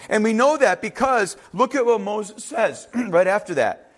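Preaching a little slowly, this pastor has a fairly high, bright voice. He keeps the sermon conversational and lively, imitating the people he quotes and throwing in offhand asides.

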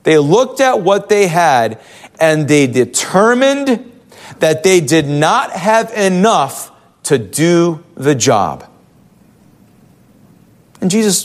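Animated high-voiced male preacher. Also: slow. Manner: conversational, animated, with rhetorical questions. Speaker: pastor. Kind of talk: sermon.

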